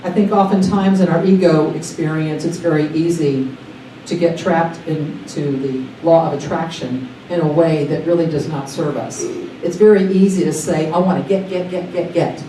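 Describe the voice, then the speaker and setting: A woman's voice: low-pitched, moderate pace, slight background noise. Enthusiastic woman preaching in an echoey hall. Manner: enthusiastic, animated, rises to excited exclamations. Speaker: guest speaker at a church service. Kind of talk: sermon. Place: large sanctuary during a service. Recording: echoey hall, picked up from a distance.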